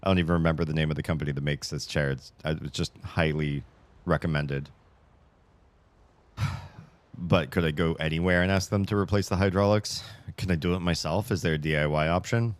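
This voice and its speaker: A male streamer chatting casually on a livestream, ranting in an animated, exasperated way and reading out chat messages and answering them from his home streaming desk. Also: rumbling low, fairly quick, no echo.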